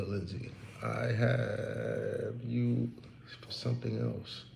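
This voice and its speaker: Gravelly man giving casual pep talk. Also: medium pitch, unhurried, long pauses, echoey room, slight background noise. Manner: candid, preachy, talks to the listener directly. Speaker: real estate investor. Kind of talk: casual motivational talk while working. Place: office.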